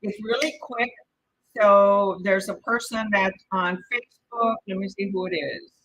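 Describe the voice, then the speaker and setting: Woman, Mexican Spanish accent, exam prep instructor, chatty, encouraging, husky, dull lo-fi stream audio. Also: medium pitch, steady tone, measured pace, a bit bright. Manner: chatty, encouraging, checks in with "okay?" often.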